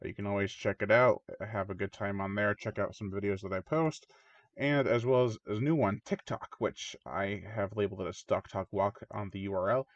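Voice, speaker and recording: A man with a lowish voice and a steady tone talks briskly through a film review on his channel, rambling and chatty, often mimicking the characters in mock voices. The audio is dull, lo-fi, and dry, with no room sound.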